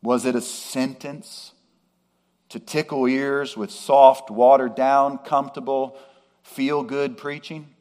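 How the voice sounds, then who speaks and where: A man preaching a sermon in a measured way, with emphatic rises on key words. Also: medium pitch, level tone, a little mellow. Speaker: pastor.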